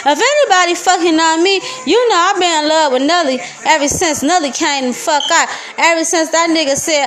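A woman's voice: very high voice, fairly quick, few pauses, a bit bright, soft background music. A young woman with a Detroit accent, venting profanely and heatedly in a casual podcast monologue. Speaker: podcast host.

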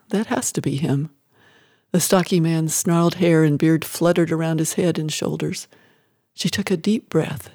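A narrator giving an expressive, emotive audiobook reading of a story. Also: mid-range voice, no echo, clean studio sound.

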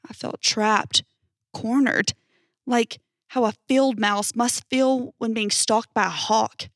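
A woman's voice: on the high side, takes it slowly, no room sound, clean studio sound. Young woman narrating a horror story. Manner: even storytelling, hesitant um in sign-off. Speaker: podcast host and story narrator.

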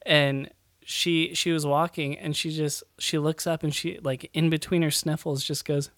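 A man's voice: a little high, level tone, moderate pace, fairly bright tone, dry recording. A young man and new father, co-hosting a podcast in casual chat, rambling with lots of fillers and laughs as he tells stories. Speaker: podcast co-host.

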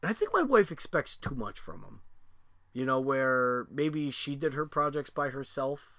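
A man's voice: mid-range voice, animated, moderate pace, vocal fry, fairly bright tone, dry recording. A middle-aged man telling a family story in casual chat, rambling with lots of fillers and restarts, and swearing freely.

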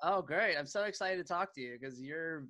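A man's voice: on the high side, lively intonation, a little fast, bright, forceful tone, dry recording, low-quality recording. A man hosting a casual interview podcast, eager and upbeat, talking with plenty of fillers and restarts. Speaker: podcast host.

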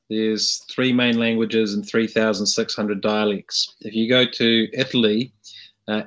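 A middle-aged man with a New Zealand accent hosts a relaxed interview. He talks in a casual, animated way, filling pauses with ums and uhs as he builds a story. His voice sits at an ordinary pitch. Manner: animated storyteller with many fillers, acting out quoted voices. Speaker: podcast host.

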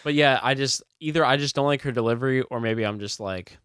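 A man co-hosting a podcast, talking through a movie review in a laid-back, halting way with frequent laughs. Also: medium pitch, a bit bright, clean tone, no room sound, studio quality. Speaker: podcast co-host. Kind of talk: casual movie review chat.

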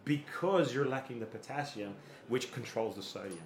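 Recorded in a roomy, echoey space with a little hiss, a man with a mid-range voice speaks at normal speed. As a fitness coach on a podcast, he leans on everyday analogies and acted-out quotes and repeats words while he thinks.

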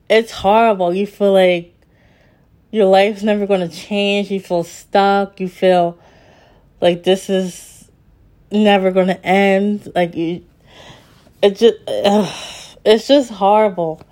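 Woman podcast host, solo monologue, grieving and in shock, slow halting delivery, warm dark tone. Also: mid-range voice. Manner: halting, with frequent restarts and pauses.

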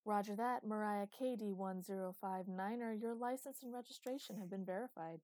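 A woman reading the lines of a smooth, formal female station AI in a storybook, speaking in crisp radio protocol, in a dry close recording. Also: mid-range voice, moderate pace, darkish tone, no echo, lightly acted.

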